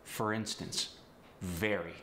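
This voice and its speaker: A man's voice: fairly low pitch, fairly even intonation, takes it slowly, sharp tone, a little hiss or hum. A man coaching accents in an upbeat, teasing teaching manner. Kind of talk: instructional video. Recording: roomy echo.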